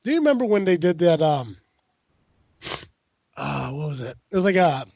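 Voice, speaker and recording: A man hosting a podcast in loose casual chat, his voice sitting a little high and very close and dry on the mic. He rambles, restarts and swears as he goes. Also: big pitch swings, moderate pace, creaky, a little mellow, no echo. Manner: rambling, lots of fillers and profanity. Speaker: podcast host.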